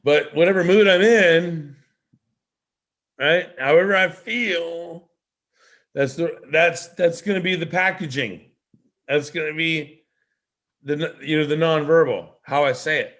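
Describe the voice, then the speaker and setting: A man hosting a live online show as a leadership coach, teaching in an animated way with many rhetorical questions over a video call. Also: a little high, a little slow, pauses often.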